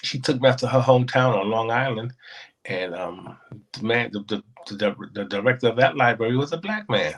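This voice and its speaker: Guy telling his story as a guest, gravelly kinda husky voice, acts out all the voices. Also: mid-range voice, a little fast, a bit bright, rough recording. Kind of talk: personal storytelling.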